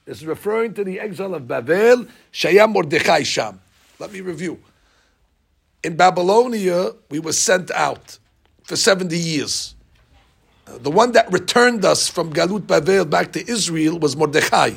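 Bible class teacher, man, high gravelly voice, animated and quizzing the class. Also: moderate pace. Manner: animated, asks the class questions. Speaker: Torah teacher.

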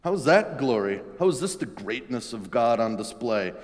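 Pastor putting on a blunt, disbelieving disciple who argues back, a notch higher and louder, in a reverberant hall. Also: male voice, big pitch swings, moderate pace, lightly acted. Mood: incredulous. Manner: protesting, pushing back hard. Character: Peter, an adult male disciple, blunt and incredulous. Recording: long reverb in a large hall.

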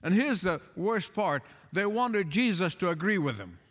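A man preaching a sermon as pastor, emphatic, pushing up loud on key points and chuckling between them. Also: high-pitched, sing-song, moderate pace, big-room sound.

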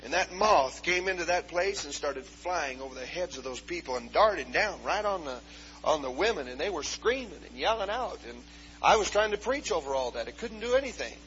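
A fervent male preacher with a high, sharp-edged voice, punctuating his sermon with hallelujahs and "uh" fillers and climbing into shouts. The recording is a dull, lo-fi 1970s tape with a faint hiss behind him. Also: lively intonation, a little fast. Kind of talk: fiery Pentecostal sermon.

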